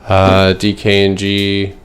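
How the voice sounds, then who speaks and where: A man's voice: low-pitched, completely flat delivery, slow, clear, resonant tone. A man hosting a casual trading livestream, going through charts in a loose, filler-heavy way and answering his chat. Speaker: stock trading streamer.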